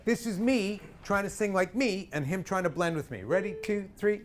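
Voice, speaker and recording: A man leads a singing class with bouncy, hands-on energy, often breaking into short sung examples. His voice sits a little on the high side. A low rumble runs faintly behind him. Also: moderate pace. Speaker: singing teacher. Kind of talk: singing lesson demonstration.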